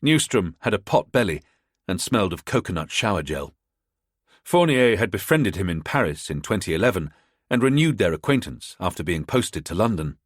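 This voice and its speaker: A man narrating a spy thriller audiobook in a measured storytelling manner, close to the mic. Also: low-pitched, big pitch swings, dry recording. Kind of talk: scripted narration.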